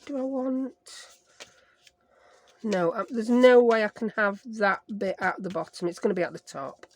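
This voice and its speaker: A Sheffield English craft vlogger speaks at a moderate pace in a mid-range voice. She chats through a craft project as she goes, rambling, joking about herself, and throwing in made-up words for fun.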